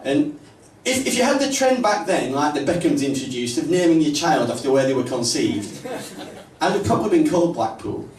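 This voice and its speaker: A man with a Northern English accent doing a stand-up comedy set in a small pub club, with punchy, deadpan delivery. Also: a little high, fairly quick. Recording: roomy, distant live mic, faint ambience.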